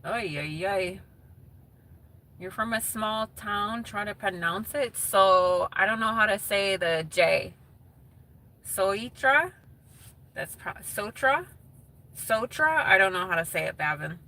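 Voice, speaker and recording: Bright, giggly woman live streamer. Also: mid-range voice, slow pace. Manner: giggly, chatty, reads comments aloud. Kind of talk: casual live stream chat with viewers.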